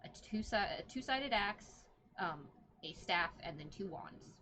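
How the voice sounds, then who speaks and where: A woman's voice: medium pitch, expressive, measured pace, sharp tone. A woman running a tabletop game as game master, narrating in a casual, chatty way.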